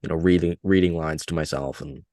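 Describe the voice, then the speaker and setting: Deep-voiced New York man, dry close sound. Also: fairly even intonation, fairly quick, dark tone, no room sound. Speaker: filmmaker guest. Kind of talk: casual interview chat.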